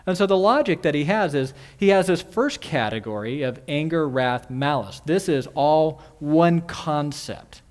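A man's voice: a little high, expressive, unhurried, hardly any pauses, darkish tone. A man preaching an expository sermon in an earnest way, repeating key phrases and asking the listeners questions. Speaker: pastor.

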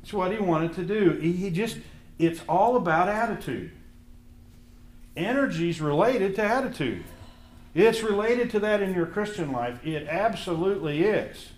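A man teaching a Bible class in a casual, animated way, acting out the voices in his stories. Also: high voice, roomy sound. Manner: animated storytelling, acts out voices in anecdotes.

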